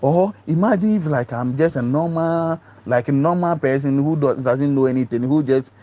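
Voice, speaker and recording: A man, a doctor giving an emotional personal account, acting out other voices and stumbling over repeated words. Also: moderate pace. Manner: animated storyteller, acts out other voices with big pitch jumps. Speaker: doctor recounting a police ordeal. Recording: muffled lo-fi recording.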